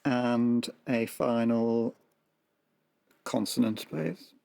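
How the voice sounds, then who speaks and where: A man's voice: mid-range voice, fairly even intonation, drawn-out words, creaky, dark tone. A man competing as a quiz contestant, terse and matter-of-fact. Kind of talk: game show play.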